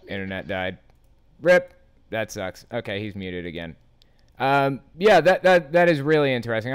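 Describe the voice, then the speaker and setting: A man's voice: sits low, smooth. A man hosting a casual podcast, chatting with remote guests in an easygoing, reassuring way. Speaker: podcast host. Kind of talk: casual call-in podcast chat.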